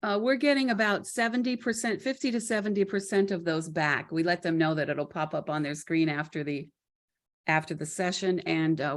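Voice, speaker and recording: A woman volunteer presenter answering in an online meeting, thoughtful with some hesitant fillers. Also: lowish voice. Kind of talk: casual meeting chat. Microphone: video call.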